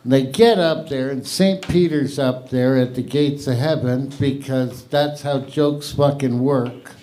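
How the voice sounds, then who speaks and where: Slow, rambling middle-aged male comic. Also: mid-range voice, warm tone. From half English, half Irish. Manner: rambling, profane, self-interrupting storyteller. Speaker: open mic host and comedian. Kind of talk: stand-up comedy. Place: live comedy venue with audience.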